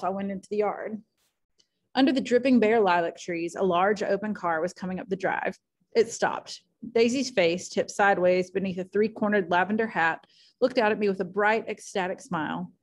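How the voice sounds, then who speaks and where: A woman reads a classic novel aloud at home, her voice sitting at an ordinary middle pitch. Her storytelling is clear and expressive, carrying the narration at an even, steady pace. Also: normal speed. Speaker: audiobook reader.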